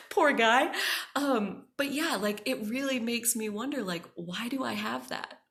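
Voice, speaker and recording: A woman hosting a podcast, telling a personal story in a casual, animated way, often saying "like" and acting out the voices she quotes. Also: on the high side, a little slow. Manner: animated, acts out quoted voices, frequent "like" fillers. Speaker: podcast host.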